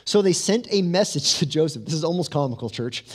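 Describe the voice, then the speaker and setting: A man preaching a sermon as pastor, telling the story with lively asides and humor, then dropping to a soft, low voice for weight. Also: a little fast. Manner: drops to a soft, low voice for emphasis.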